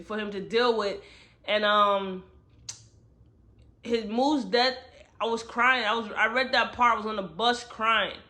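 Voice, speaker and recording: A woman talks through a book she loved in a loose, chatty retelling, peppered with slang and quick asides to the viewer. Her voice is bright and forward, with a clear edge to it. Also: on the high side. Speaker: book reviewer. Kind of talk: casual book review recap.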